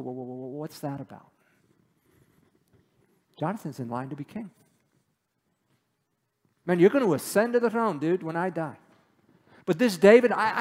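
A man's voice: a little high, in a large hall. A man preaching a sermon who reads scripture aloud and then explains it in a casual, conversational way. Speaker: pastor. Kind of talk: sermon, Bible teaching.

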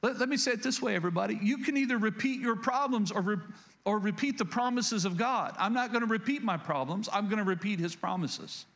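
High-voiced pastor preaching with restarts. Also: male voice, brisk, a bit bright. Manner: repetitive, stammering restarts, addresses congregation directly. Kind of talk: sermon.

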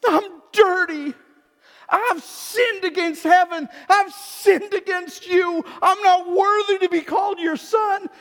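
A preacher voicing a pleading, tearful young son. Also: male voice, very high voice, fairly even intonation, slow, fairly bright tone, pitched above the performer's own voice, exaggerated voice. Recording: long hall reverb.

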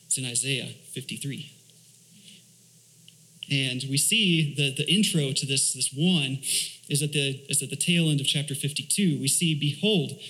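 A man's voice: mid-range voice, pushed and bright, poor audio. A man, a church elder, preaching a sermon, asking rhetorical questions, reading scripture aloud and explaining Hebrew words.

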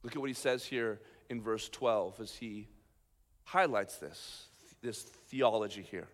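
A man, a pastor, preaching a sermon with animated emphasis, swinging between loud points and quiet asides. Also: lowish voice, measured pace. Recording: long hall reverb.

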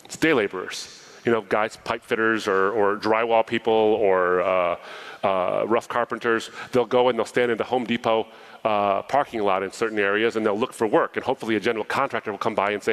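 A man's voice: on the low side, fairly quick, rough recording. A man preaching a sermon, reading a parable aloud and breaking off into casual asides to explain it. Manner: animated storytelling, reading scripture with asides.

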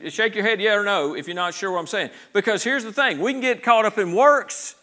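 A man's voice: high-pitched, fairly quick, bright, forceful tone. A man preaching a sermon as pastor, talking conversationally with many restarts and asking the congregation for responses. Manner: conversational preaching with frequent restarts and repeated words.

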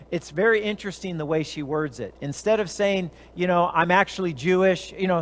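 A man's voice: high-pitched, brisk, hardly any pauses, fairly bright tone. A man giving a conversational Bible teaching as a preacher, retelling the story with animation and briefly acting out the characters' lines.

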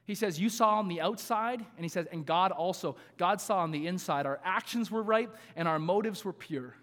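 A high-pitched male pastor delivers an earnest sermon, building to emphatic repeated calls and easing into light laughing asides. His voice rings out with long reverb in a church sanctuary.

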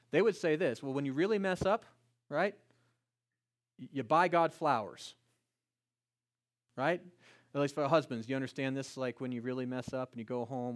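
A man delivers a sermon in a relaxed, conversational way. He keeps checking in with rhetorical questions and climbs to emphatic peaks. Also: high voice. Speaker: pastor.

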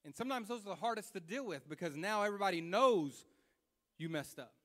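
Male preacher, very high and bright, folksy and fervent, repeats himself and swells in volume. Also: expressive, a little fast. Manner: impassioned, repetitive preaching that builds to loud fervor; colloquial, with slips and restarts. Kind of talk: sermon.

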